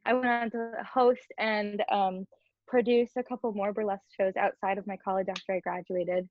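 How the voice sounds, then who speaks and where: A young adult woman, a podcast guest, telling her story in a chatty, expressive way. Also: medium pitch, normal speed. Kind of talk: conversational interview. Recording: dull, dry lo-fi audio.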